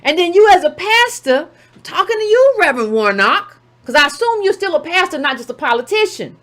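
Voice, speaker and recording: A woman's voice: very high-pitched, big pitch swings, a little fast, fairly bright tone. A woman giving a sarcastic political commentary monologue, full of rhetorical questions and mocking asides.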